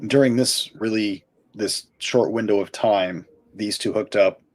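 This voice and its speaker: Low-voiced man co-hosting a podcast. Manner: thoughtful, halting restarts. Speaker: podcast co-host. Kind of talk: casual podcast discussion and episode recap.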